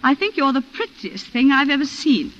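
A woman's voice: sits high, big pitch swings, moderate pace, a bit bright. A woman in 1940s radio acting, playing a genteel planter's wife who recounts a shooting in a refined, emotional way, on a lo-fi old radio broadcast. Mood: strained, ashamed.

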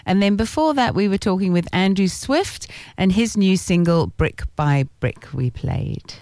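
A woman hosts a casual radio show in a middle-pitched voice. She reacts eagerly and chats warmly with her co-host. Her voice is dry and close to the mic. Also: lively intonation, dry recording. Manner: enthusiastic, quick reactions and laughs along. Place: radio studio.

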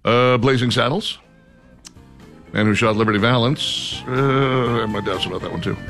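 A man hosting a talk radio show, reading listener picks in a relaxed, drawling way with lots of ums and uhs. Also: mid-range voice, moderate pace, soft background music. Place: radio studio.

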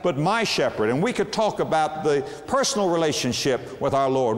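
A man preaching a sermon, slow and emphatic, with long dramatic pauses on key words. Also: on the high side, long reverb tail.

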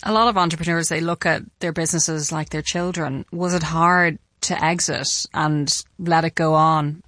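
A woman interviewer asking a guest direct, measured questions. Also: sits low, steady tone, a bit bright, dry recording, clean studio sound.

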